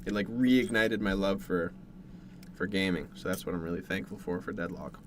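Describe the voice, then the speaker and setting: A young man from Canada streaming from a dark bedroom, chatting casually with viewers in a rambling way while working through a plate of food. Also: low-pitched, fairly even intonation, a little fast, slight background noise.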